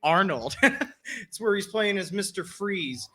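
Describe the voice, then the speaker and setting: A man co-hosting a relaxed chat show, animated and quick to laugh. His voice is bright and a touch high, and it jumps into shouts when he gets worked up. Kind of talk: casual chat.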